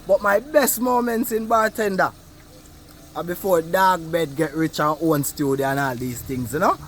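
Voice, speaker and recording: High-voiced Jamaican man telling stories. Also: normal speed, slight background noise. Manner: lively patois storytelling with shouted quotes. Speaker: cast member interviewee. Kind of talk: animated storytelling.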